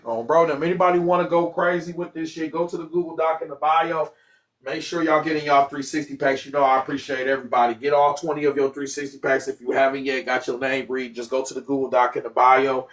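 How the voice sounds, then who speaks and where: A man hosting a casual livestream, talking in an animated, profane, joking way that often bursts into yelling. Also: medium pitch, fast. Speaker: livestream host.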